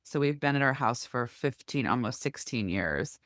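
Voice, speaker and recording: Animated storytelling woman, dry close mic. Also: very deep voice, moderate pace, no room sound. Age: middle-aged. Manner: lively storytelling, acts out quoted neighbors. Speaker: podcast co-host. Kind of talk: casual chat.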